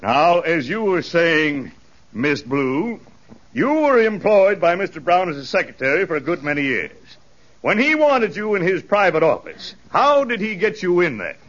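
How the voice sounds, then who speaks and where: Showy courtroom lawyer, highish bright voice, drawn out speeches, muffled old radio. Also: male voice, sing-song, moderate pace. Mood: questioning. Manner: grandiloquent, stretched-out courtroom oratory. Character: pompous courtroom lawyer for the plaintiff. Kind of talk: 1940s radio comedy acting.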